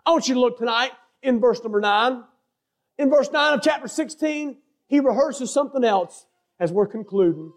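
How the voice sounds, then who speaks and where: A middle-aged man preaches a sermon in an unusually high voice. He rises to fervent shouts, then drops to hushed, confessional talk. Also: lively intonation, moderate pace. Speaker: assistant pastor preaching.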